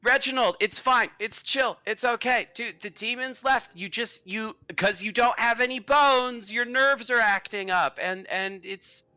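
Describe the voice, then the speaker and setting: A man's voice: very high voice, a little slow, few pauses, pushed and bright, smooth, dry recording, voice pushed up, exaggerated voice, rough recording. A man doing a laid-back surfer-bro cleric. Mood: soothing. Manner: drawling, soothing, dude-speak.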